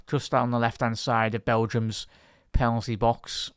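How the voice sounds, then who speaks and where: A man's voice: fairly low pitch, level tone, moderate pace, few pauses, fairly bright tone, clean tone, dry recording, clean studio sound. A man doing live football commentary on a stream, chatting with his viewers between bursts of play-by-play that lift on attacks. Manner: rises and speeds up on attacking moves. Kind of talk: casual live match commentary.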